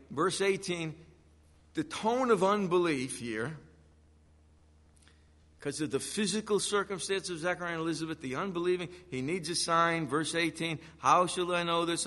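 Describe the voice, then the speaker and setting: A man's voice: fairly high pitch, moderate pace, fairly bright tone. A man preaching a sermon, acting out the biblical quotes he reads. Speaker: pastor. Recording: long hall reverb.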